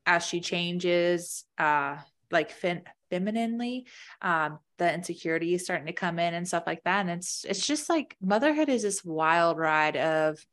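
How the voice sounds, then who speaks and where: A woman's voice: on the low side, moderate pace, fairly bright tone. A woman in her thirties, a mother and podcast co-host, chatting casually and rambling with lots of filler words. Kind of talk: casual chat.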